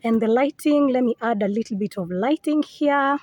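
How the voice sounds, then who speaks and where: A woman's voice: on the high side, moderate pace, hardly any pauses, darkish tone, dry recording. A young woman talking casually to her viewers on a phone camera outdoors in a village compound, chatty and playful. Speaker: vlogger. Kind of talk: casual vlog talk to camera.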